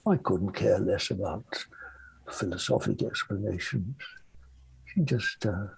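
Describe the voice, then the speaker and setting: Gravelly, husky older man from England. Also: on the low side, no echo, low-quality recording. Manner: halting, gentle, often trails off softly. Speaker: interviewee, mystic and author. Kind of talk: reflective interview answer.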